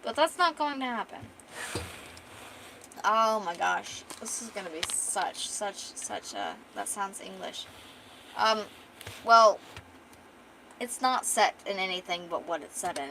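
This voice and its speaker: A woman's voice: lowish voice, animated, a little slow, long pauses, noisy background. A young adult woman streamer retelling her own story in a casual, rambling way, with restarts and casual swearing.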